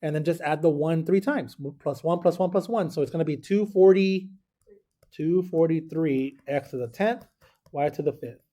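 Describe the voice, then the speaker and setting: A man's voice: a little high, normal speed, mellow. Man teaching math step by step. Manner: talks through arithmetic step by step, checking in with students. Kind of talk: classroom lesson. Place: classroom.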